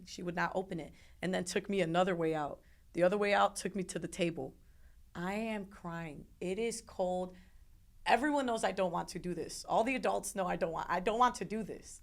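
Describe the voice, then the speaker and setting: Young woman, interview guest, earnest heartfelt storytelling, repeats words. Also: lowish voice. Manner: earnest, repeats words, acts out others' voices. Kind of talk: emotional personal storytelling.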